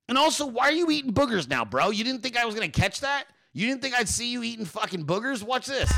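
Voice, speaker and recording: Mocking, profane man with a bright, lively voice. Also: very high voice, brisk, gravelly. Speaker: podcast host. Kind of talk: ranting political commentary.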